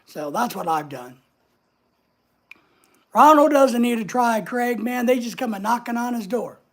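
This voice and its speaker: A woman hosts a casual livestream in a fairly high voice. She chats easily with her viewers, reading their comments aloud and answering them as she goes. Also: animated, a little slow. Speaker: livestream host.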